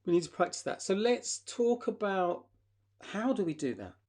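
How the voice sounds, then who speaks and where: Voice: mid-range voice, big pitch swings, normal speed, darkish tone, breathy edge. A therapist leading a live online workshop, asking the audience reflective questions and acting out short example dialogues.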